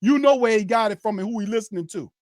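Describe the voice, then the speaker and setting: A man's voice: sits high, fast, darkish tone, no echo, clean studio sound. A man hosting a sports show, ranting in a heated, profane way and speaking straight to his viewers and chat. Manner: addresses viewers and chat directly. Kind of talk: angry sports rant.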